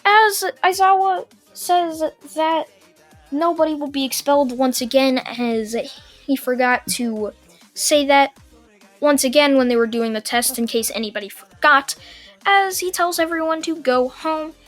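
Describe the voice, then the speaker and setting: A young woman narrating a fan-made story casually, in long run-on sentences with filler pauses. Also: sits high, a bit bright, faint music behind.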